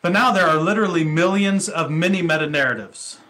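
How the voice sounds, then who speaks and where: A man's voice: on the high side, brisk, bright, forceful tone. A male pastor preaching a sermon in a conversational way, with rhetorical questions and casual asides.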